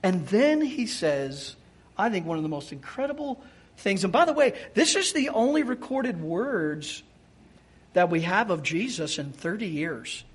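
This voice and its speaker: A man preaching a sermon in a lively, animated way, often acting out quoted speech and restarting words as he thinks aloud. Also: sits high, a little slow, husky. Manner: animated, acts out quoted speech in changed voices.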